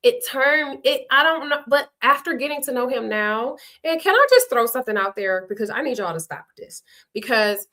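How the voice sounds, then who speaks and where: Woman, young adult, livestream chat, rambling, candid, bright and sharp tone. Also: sits high, expressive, moderate pace, hardly any pauses. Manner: chatty and rambling, frank with casual profanity. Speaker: reality show cast member hosting a livestream.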